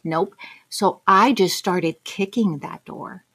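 A woman's voice: lowish voice, slow, fairly bright tone, husky. A middle-aged woman telling a personal anecdote as a guest, acting out the quoted lines expressively. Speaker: guest storyteller.

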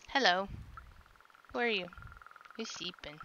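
A woman's voice: medium pitch, moderate pace, long pauses, sharp tone, no room sound. A young woman casually streaming a video game, playful and silly, chattering along and making sound effects. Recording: slightly dull lo-fi sound with faint noise.

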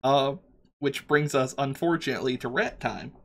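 A man's voice: medium pitch, normal speed, a bit bright. A man narrating a tabletop game as game master, rambling with many fillers and restarts.

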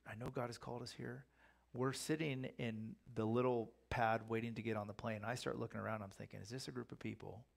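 Gravelly-voiced male pastor teaching. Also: lowish voice. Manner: conversational, acts out quoted voices. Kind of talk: sermon Bible teaching.

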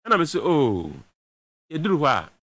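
Emphatic Ghanaian man, lively high voice. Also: moderate pace, no room sound, studio quality. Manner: emphatic, mixes local language with English. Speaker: political commentator. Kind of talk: heated political talk-show commentary.

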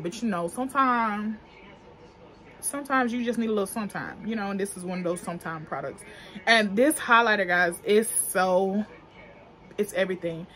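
A woman's voice: medium pitch, fairly bright tone, slight background noise. A young adult woman talking in African American Vernacular English, chatty and profane, reviewing makeup in a casual vlog. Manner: chatty, slangy, profane, laughs often. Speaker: beauty vlogger.

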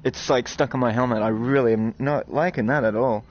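Excitable man commentating a game. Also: medium pitch, a little fast, a little hiss or hum. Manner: excitable, swears, talks straight to viewers. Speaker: gaming video host. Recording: slightly dull recording with game music.

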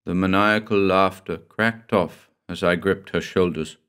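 A man narrating a horror story in a measured, somber first-person reading. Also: low voice, steady tone, fairly bright tone, clear, resonant tone. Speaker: audiobook narrator.

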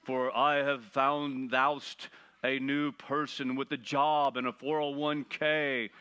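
A man mimicking God as a smooth insurance-ad announcer speaking in mock-archaic English. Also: mid-range voice, level tone, bright, forceful tone. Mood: solemn. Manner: slow, grand, mock-archaic.

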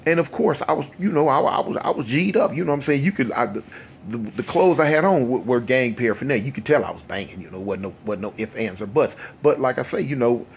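A man's voice: mid-range voice, expressive, a little fast, vocal fry, slightly rough. A man, telling a street story in a rambling, conversational way full of asides. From Los Angeles. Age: 50s.

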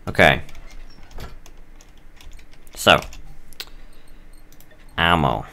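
A man streams a co-op game, casually chatting and joking with his teammate and slipping into mock British and Australian voices. His bass voice is gravelly and sharp-toned, animated yet extremely slow.

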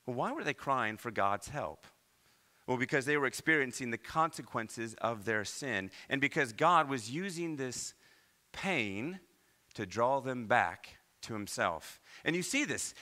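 Animated preacher man from Iowa. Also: medium pitch, unhurried. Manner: animated preaching with rhetorical questions. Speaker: pastor. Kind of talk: sermon. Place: church.

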